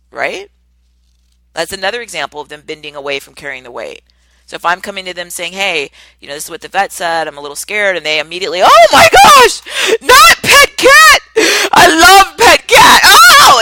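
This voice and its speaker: A woman hosting a solo podcast as a coach, talking in an animated way and acting out the people she quotes with big exclamations. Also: on the low side, no echo, poor audio.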